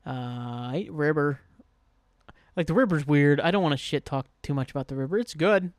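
A man's voice: on the high side, moderate pace, no echo, studio quality. Rambling man, casual podcast chat. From Southern Ohio. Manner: rambling, heavy with "like", swears casually. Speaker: podcast host. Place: at home, at his computer desk.

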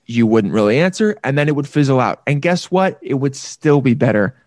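A man in casual chat, playful and animated, often slipping into silly voices mid-story. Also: medium pitch, a little fast, no echo, studio quality. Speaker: actor.

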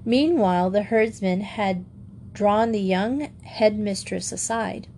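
A woman narrating a storybook aloud in a clear, even storytelling manner. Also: medium pitch, slow, a little hiss or hum. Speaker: audiobook narrator. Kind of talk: storybook reading.

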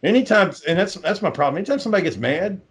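A man's voice: high-pitched, animated, racing, breathy edge. A man telling rambling, profane stories in casual chat, laughing as he goes.

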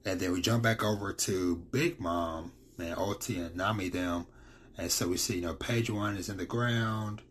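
A man's voice: low-pitched, moderate pace, a little hiss or hum. A man giving a casual, rambling recap of manga chapters, full of fillers and quoted lines.

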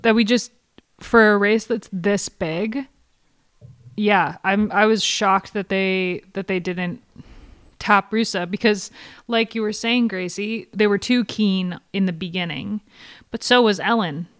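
A woman's voice: medium pitch, measured pace, a bit bright, clean tone, no room sound, studio quality. A woman co-hosting a cycling podcast, a former rider talking through tactics in a thoughtful, questioning way. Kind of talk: casual podcast chat.

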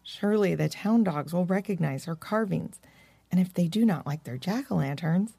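A woman's voice: lowish voice, normal speed, vocal fry, dark tone, husky, no echo. Woman reading as Annalise, a worried raccoon dog girl.

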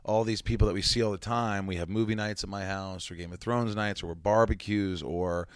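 A man in his forties, a comedian and musician, chatting casually as a guest and telling rambling, animated stories with some profanity. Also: fairly low pitch, a little fast, clear, resonant tone, no echo, studio quality. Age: 40s. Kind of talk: casual interview chat.

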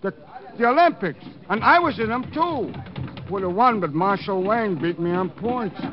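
A high-voiced boastful boxer. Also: male voice, lively intonation. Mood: tough. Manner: tough-guy slang, slow on the uptake. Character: dim-witted boastful boxer, adult man. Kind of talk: 1950s radio drama acting. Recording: dull lo-fi old radio recording.

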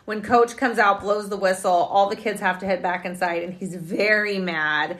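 A woman talks through a TV episode recap on a podcast, brisk and chatty, tossing in playful asides. Her voice sits at an ordinary middle pitch for a woman. The delivery is casual and conversational. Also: steady tone, a bit bright. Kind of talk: casual chat.

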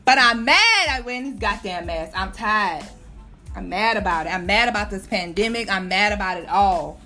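A woman's voice: mid-range voice, pushed and bright. A woman hosting a casual podcast monologue, venting bluntly with profanity and slang. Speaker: podcast host.

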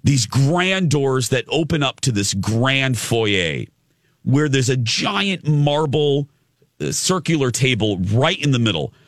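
A man telling a story in casual conversation, lively, with frequent restarts. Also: medium pitch, slow pace, dry recording. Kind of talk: casual anecdote.

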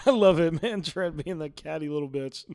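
A man's voice: fairly high pitch, moderate pace, a little mellow, no echo, studio quality. A man co-hosting a podcast, chatting casually and quoting favorite TV lines with relish and frequent laughter. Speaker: podcast co-host. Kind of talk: casual chat about a TV episode.

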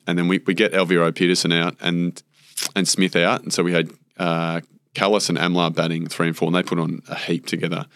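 Aussie bloke with a deep voice, rambling through stories, lots of ums and likes, dry close sound. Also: male voice, completely flat delivery, a little fast, fairly bright tone, no room sound. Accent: Australian. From Australia. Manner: rambling anecdotes with many fillers, acts out quotes. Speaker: guest, former cricketer. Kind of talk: casual storytelling interview.

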